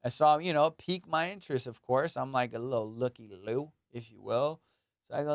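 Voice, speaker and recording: A man hosting a podcast, telling profane, rambling comic stories in a casual, animated way. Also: medium pitch, fairly quick, no echo, studio quality. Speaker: comedian and podcast host. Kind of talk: casual comedic storytelling. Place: Los Angeles.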